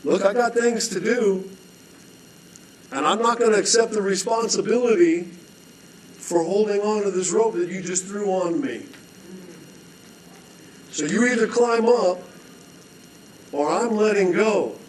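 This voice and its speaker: A man's voice: high-pitched, unhurried, long pauses, a little hiss or hum, voice pushed up. A man voicing a frustrated, impatient man stuck holding a rope on a bridge, pleading and then laying down an ultimatum. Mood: firm. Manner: exasperated, pleading, firm. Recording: echoey room.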